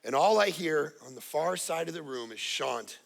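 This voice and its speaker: A middle-aged man preaching a sermon as pastor, telling stories with animated swings from hushed to loud. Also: fairly high pitch, moderate pace, gravelly.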